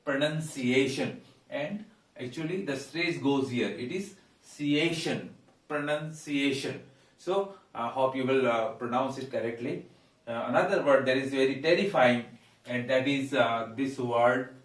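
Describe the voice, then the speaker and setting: Indian english teacher guy at a whiteboard, lots of uhs, says words over slowly, echoey room, mic kinda far off. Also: medium pitch. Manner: halting, frequent "uh", repeats words slowly and deliberately. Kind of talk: whiteboard pronunciation lesson. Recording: roomy echo, mic at a distance.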